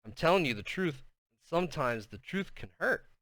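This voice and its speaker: A man reading aloud, voicing a calm and stern male schoolteacher who speaks low, quiet and firm. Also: moderate pace, no room sound.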